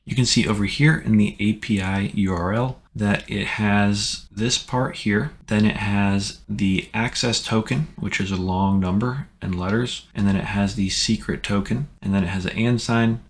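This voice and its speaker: A man hosting a tech tutorial, giving relaxed, plain step-by-step instructions in a casual way. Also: on the low side, normal speed, hardly any pauses, a little hiss or hum.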